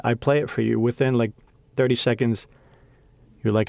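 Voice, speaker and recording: A man's voice: medium pitch, steady tone, vocal fry, dark tone, no room sound. A young man hosting a podcast, speaking with heartfelt emotion in a casual conversation and often restarting his sentences. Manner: heartfelt, halting with many restarts. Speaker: podcast host.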